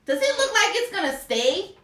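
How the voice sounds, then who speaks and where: A woman leading a playful kids' lesson for her child, coaxing and animated, repeating words slowly for the child to copy. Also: extremely high pitch, recorded from a distance, background noise. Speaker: parent teaching her child. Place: indoor room with a computer and slides. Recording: echoey room, voice from off-mic.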